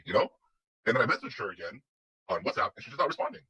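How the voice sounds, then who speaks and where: A man's voice: on the low side, sing-song, rapid-fire, pushed and bright, husky, dull audio. A man telling a personal story in a casual, rambling way, full of restarts and quoted dialogue. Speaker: guest telling his story.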